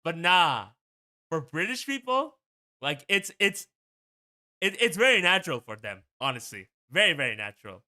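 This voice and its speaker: A man's voice: on the high side, very animated, moderate pace, bright, forceful tone. A young man hosting a casual watch-party stream, rambling and swearing freely as he talks.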